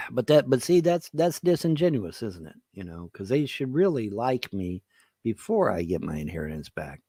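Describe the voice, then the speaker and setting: A man's voice: medium pitch, very animated, normal speed, warm tone, slightly rough, no room sound, clean studio sound. A man rambling casually to his viewers, swearing and laughing often. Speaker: online video host.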